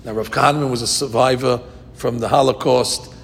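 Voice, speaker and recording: A man's voice: fairly quick, gravelly. A man teaching a Talmud class, telling stories and lifting his voice to quote Hebrew verses. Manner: lively storyteller, rises to quote Hebrew verses. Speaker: Torah teacher. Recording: long reverb with faint rumble.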